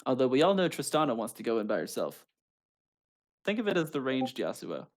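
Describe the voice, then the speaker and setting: A man's voice: medium pitch, very animated, brisk. Laid-back male esports caster. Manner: laid-back, self-mocking humor. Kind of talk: casual esports commentary.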